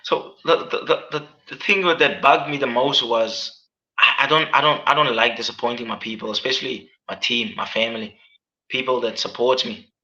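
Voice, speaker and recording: A man's voice: medium pitch, moderate pace, sharp tone. A man being interviewed as an MMA fighter, talking earnestly and casually, repeating his words and often adding "man". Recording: dull, lo-fi sound.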